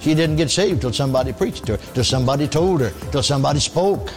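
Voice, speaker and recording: An older man preaching a radio sermon in a folksy, animated way, calling for amens. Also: a little high, quick pace, few pauses, faint music behind.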